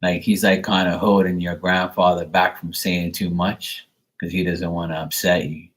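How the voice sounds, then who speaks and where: A man's voice: low voice, level tone, normal speed, fairly bright tone, poor audio. A man giving a live psychic reading in a casual, rambling way, full of fillers and the odd swear word. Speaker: psychic reader.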